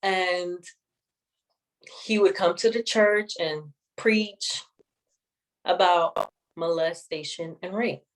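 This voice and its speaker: A woman sharing a personal testimony in an interview, speaking in a measured, reflective way with many pauses. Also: lowish voice, poor audio. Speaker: guest sharing her testimony.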